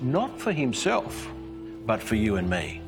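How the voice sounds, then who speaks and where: Earnest man with a lively, rising-and-falling voice. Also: on the low side, creaky, music in the background. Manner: earnest, measured storytelling. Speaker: Christian speaker. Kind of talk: scripted devotional presentation.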